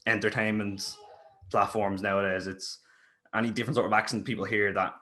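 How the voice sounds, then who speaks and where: Laid-back Irish podcast host. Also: male voice, fairly low pitch, level tone, brisk, pushed and bright. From Ireland. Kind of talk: casual podcast chat.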